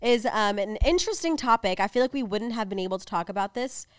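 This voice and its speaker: A woman's voice: mid-range voice, expressive, fast talker, clear, resonant tone, no echo. A young woman with a stuffy, congested voice hosts a casual chat show. She rambles along with plenty of fillers. The recording is dry and close, with no room sound. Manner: rambling, filler-heavy, chatty. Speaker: podcast co-host.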